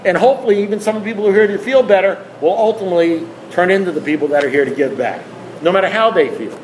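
Male recovery-meeting speaker, higher register, repetitive and emphatic, rhetorical delivery. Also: racing, slight background noise, poor audio. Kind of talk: impassioned talk to a group.

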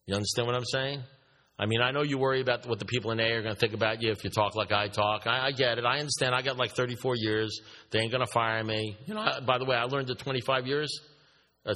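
A man's voice: medium pitch, sharp tone, big-room sound. A man giving a blunt, repetitive recovery talk to a meeting, preaching and swearing freely. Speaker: AA speaker.

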